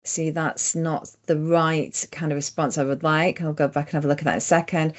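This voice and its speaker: A woman with a strong accent presents a screen-share tutorial. Her voice sits low, and she talks through each step in a relaxed, methodical way, with the odd "uh" along the way. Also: moderate pace, few pauses. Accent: strong regional accent. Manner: relaxed, methodical walkthrough with fillers. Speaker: presenter demonstrating software.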